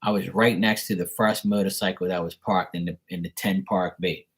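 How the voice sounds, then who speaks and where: A man's voice: sits low, fairly even intonation, fairly quick, slightly rough, poor audio. A man, a live tarot reader, telling a casual story in a rambling, slangy way, full of "like" and "you know". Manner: rambling, slangy, heavy use of "like".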